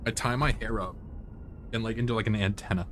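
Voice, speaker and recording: A man's voice: fairly low pitch, fairly even intonation, brisk, slight background noise. A man chatting casually on a live game stream, rambling, joking and swearing freely while he plays.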